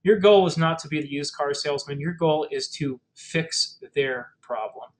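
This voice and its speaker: A man's voice: a little high, normal speed, low-quality recording. A man presenting a webinar in a casual, explanatory way, with plenty of fillers and restarted phrases. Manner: conversational, many fillers and restarts.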